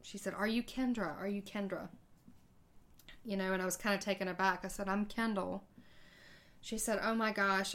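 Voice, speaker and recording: Speaking at a medium pitch, a female podcast host recounts something from her own life in a chatty manner. She performs the dialogue, hesitating and stumbling as she goes.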